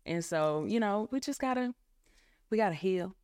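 A young woman, a guest on a faith podcast, speaking reflectively and often pausing to find her words. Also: medium pitch, animated, darkish tone, smooth, dry recording, studio quality. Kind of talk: casual faith podcast chat.

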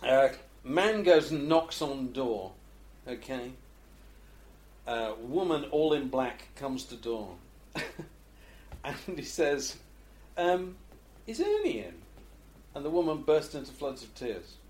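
A podcast co-host chats casually and tells jokes with a chuckle, speaking slowly in a medium-pitched voice with long pauses. He's an animated storyteller.

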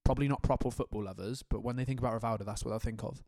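A man co-hosting a relaxed sports podcast at an ordinary, middle pitch. He banters, laughs a lot and swears casually. The sound is dry and close, with no room echo. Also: very fast. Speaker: podcast co-host. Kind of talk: casual football chat.

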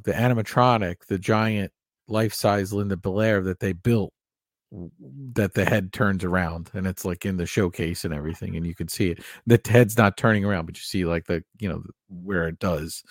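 Low-voiced man chatting loosely. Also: dry recording, clean studio sound. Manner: rambling, lots of fillers and restarts, soft-spoken. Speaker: podcast co-host. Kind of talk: casual chat.

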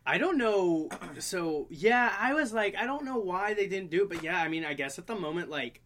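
A man in his twenties telling stories in a casual chat, animated and joking. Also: high voice, moderate pace, a little hiss or hum. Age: 20s. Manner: animated storyteller, puts on silly voices.

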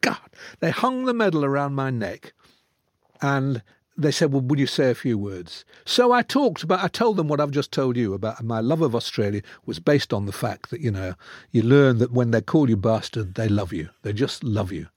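Older man, animated storyteller, dry studio sound. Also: medium pitch, normal speed, no echo. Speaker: author guest. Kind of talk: conversational storytelling. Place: radio studio.

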